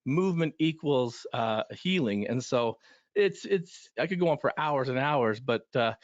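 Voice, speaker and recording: A man's voice: mid-range voice, lively intonation, measured pace, dry recording. A middle-aged man who coaches runners in recovery, telling stories in a panel discussion in an earnest, rambling way full of restarts. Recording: slightly dull lo-fi audio.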